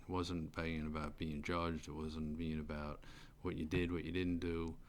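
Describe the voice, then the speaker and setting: A middle-aged New man with a very low, gravelly voice tells a personal story at an easy pace. He rambles, loops back and fills gaps with "uh" and "you know." Faint noise hums behind him. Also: level tone, normal speed. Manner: rambling, many fillers and restarts. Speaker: storyteller recounting his sentencing. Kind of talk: casual spoken testimony.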